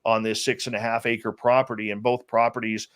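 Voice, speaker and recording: A man, a radio host, speaking as an interview guest and telling a personal story in a lively way, often restarting his sentences. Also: mid-range voice, a little fast, smooth. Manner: animated storyteller with many restarts. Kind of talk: casual storytelling chat.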